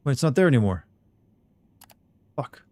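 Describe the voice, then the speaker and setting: A man's voice: medium pitch, big pitch swings, moderate pace, dark tone, no echo. A man giving casual live commentary while playing a game, swearing freely and talking to himself as he reacts. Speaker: gaming streamer.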